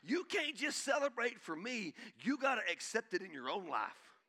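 A male pastor preaching a sermon, swinging from shouting to hushed intensity and calling out to the congregation. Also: high voice, big pitch swings, moderate pace. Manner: calls out to the congregation.

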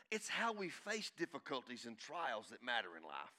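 A male pastor preaching a sermon, swinging from shouting to hushed intensity and calling out to the congregation. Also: medium pitch, huge pitch swings, moderate pace, few pauses. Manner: calls out to the congregation.

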